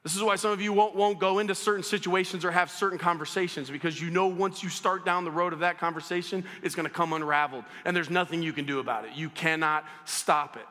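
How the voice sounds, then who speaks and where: A man preaching a sermon as pastor, telling stories in an animated way and speaking straight to his congregation. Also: a little high, quick pace, few pauses. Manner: animated storytelling, addresses the audience directly. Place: church auditorium. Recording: church hall reverb.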